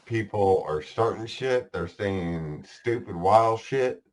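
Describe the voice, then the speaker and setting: A man co-hosting a casual podcast, speaking bluntly and plainly. His voice sits very low. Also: slow pace. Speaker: podcast co-host.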